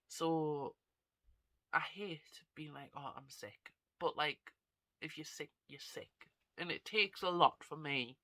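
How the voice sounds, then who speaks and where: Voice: medium pitch, bright, forceful tone, no room sound. A vlogger and actor with a stuffy, congested nose, chatting casually and rambling to camera. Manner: rambling, chatty, self-deprecating.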